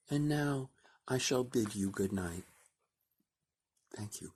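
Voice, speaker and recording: A woman reciting a reflective monologue in an unhurried, storytelling manner. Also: breathy edge. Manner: slow, reflective storytelling, lively rising and falling pitch.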